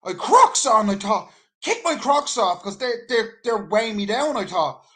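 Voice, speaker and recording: Animated, swearing Irish man. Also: sits high, moderate pace. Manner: animated, profane, rambling storyteller. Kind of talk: casual anecdote telling.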